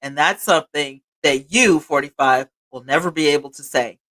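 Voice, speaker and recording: A woman hosting a live stream, giving animated, emphatic political commentary and repeating her points for effect. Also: low voice, normal speed. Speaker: host.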